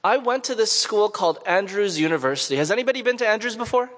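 A man's voice: high voice, lively intonation, fast, fairly bright tone. A man from Montreal, preaching a sermon in a conversational storytelling way and asking his listeners questions. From Canada, Montreal. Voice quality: conversational, asks the audience questions. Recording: long hall reverb.

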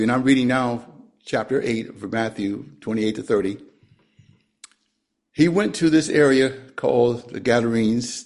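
A man delivering a sermon, reading scripture in a fairly high voice. He speaks slowly and deliberately and lets his pitch sink at the close of each phrase. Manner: slow, deliberate, drops pitch at phrase ends. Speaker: preacher.

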